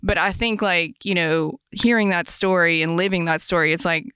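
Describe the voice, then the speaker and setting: A woman's voice: on the low side, moderate pace, smooth, no echo, studio quality. A woman who co-founded a company, talking casually in an interview and acting out quoted lines. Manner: lively, acts out quoted lines.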